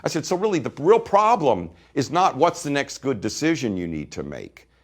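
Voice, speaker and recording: A man teaching energy practices in a spoken talk, retelling a conversation with a client and then speaking straight to his listeners, moving between emphatic and quiet delivery. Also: medium pitch, very animated, moderate pace.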